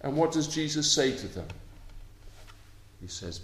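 Male preacher, slow and earnest, moves between hushed and emphatic, roomy echo. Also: expressive, a little hiss or hum. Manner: earnest, swings between soft intimate lows and emphatic raised passages. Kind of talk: sermon. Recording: echoey room.

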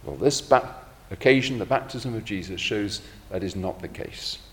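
Low-voiced man preaching in a reverberant hall. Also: a little hiss or hum. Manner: measured, reflective, slows on quoted scripture. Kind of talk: sermon.

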